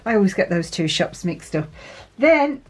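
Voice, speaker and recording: Brief: woman vlogger, friendly chatter while decorating a planner, mid pitch, asks viewers questions. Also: sing-song, moderate pace. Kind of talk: casual chat while journaling.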